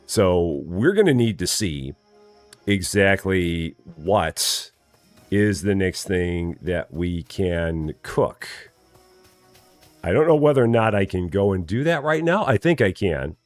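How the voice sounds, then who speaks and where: Deep-voiced chatty man streaming a game. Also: sing-song, slow, no echo, soft background music. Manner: chatty, greets viewers by name, repeats himself. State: still waking up, early morning. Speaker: live streamer playing a farming game. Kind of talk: casual live-stream commentary.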